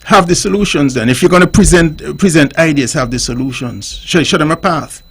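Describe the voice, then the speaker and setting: Gravelly-voiced man lecturing. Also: fairly high pitch, a little fast. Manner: didactic, keeps asking if the listener understands. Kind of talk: call-in radio discussion.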